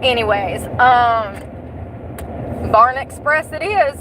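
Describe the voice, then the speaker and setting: A woman's voice: a little high, expressive, slow. A young woman chatting while she drives, joking, rambling and laughing often. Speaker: vlogger. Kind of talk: casual chat while driving. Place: inside a car. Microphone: phone. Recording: road and car noise. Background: car noise.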